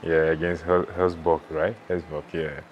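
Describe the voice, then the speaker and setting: Low, flat-voiced man recalling his career. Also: highs cut off, slight background noise. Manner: halting, repeats words, frequent "you know". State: emotional, near tears at times. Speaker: former footballer reminiscing. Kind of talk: emotional interview reflection.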